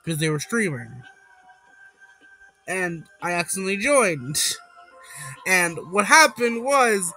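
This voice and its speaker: A young man giving casual, excitable gameplay commentary who swears and breaks into high panicked yelling. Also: slow, pauses often, faint music behind, low-quality recording. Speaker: gaming YouTuber.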